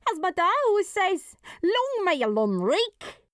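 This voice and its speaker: A woman narrator puts on a bold young woman with a very high, bouncing voice that rides up and down. She is blunt and quick to speak, heard dry and close in an audiobook. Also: sing-song, no room sound. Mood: feisty. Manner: brash, quick and outspoken. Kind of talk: audiobook character voice.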